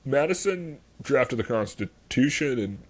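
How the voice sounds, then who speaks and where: A man's voice: mid-range voice, animated, measured pace. A man hosting a history podcast, chatting casually and enthusiastically, rambling with many fillers. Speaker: podcast host.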